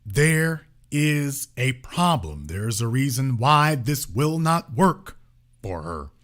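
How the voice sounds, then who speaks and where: A man's voice: medium pitch, big pitch swings, slow, fairly bright tone. A man hosting a political commentary show, delivering an emphatic, sarcastic, colloquial monologue. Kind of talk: opinionated monologue.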